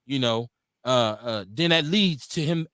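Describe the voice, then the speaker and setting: A middle-aged man hosting a live talk radio show, telling stories and acting out quotes in a casual, animated way. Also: mid-range voice, measured pace, clear, resonant tone, no echo, clean studio sound. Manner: animated storytelling, acts out quotes.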